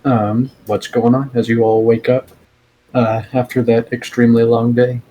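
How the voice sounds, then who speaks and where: A laid-back man runs a tabletop game as game master, filling his pauses with fillers as he speaks. His voice sits at a middle pitch, with a faint hum of noise behind it. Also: flat delivery, warm tone, dull audio.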